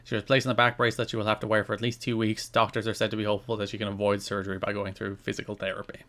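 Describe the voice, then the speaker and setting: A man's voice: fairly low pitch, level tone, very fast, fairly bright tone. An Irish man co-hosting a podcast in casual chat, reading out news notes and adding dry asides. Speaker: podcast co-host.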